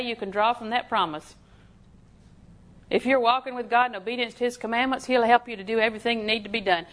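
A woman's voice: a little high, steady tone, a little fast. A woman preaching a sermon in a folksy, emphatic way, often putting questions to her listeners.

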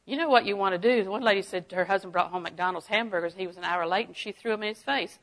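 Bright, forceful woman giving a sermon. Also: mid-range voice, fast talker, hardly any pauses. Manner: emphatic, storytelling, rising to strong declarations. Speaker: Bible teacher. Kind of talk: sermon-style Bible teaching.

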